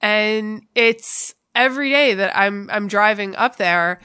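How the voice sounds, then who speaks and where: A woman's voice: medium pitch, slow, sharp tone, clean tone, no echo, studio quality. A young woman co-hosting a podcast who speaks in a candid, emotional and profane way. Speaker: podcast co-host. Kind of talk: candid conversational storytelling.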